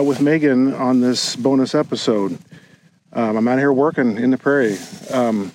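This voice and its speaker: A man, a podcast co-host, giving a relaxed, chatty field update from outdoors with birds around. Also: medium pitch. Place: outdoors on a prairie. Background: birds and light outdoor noise.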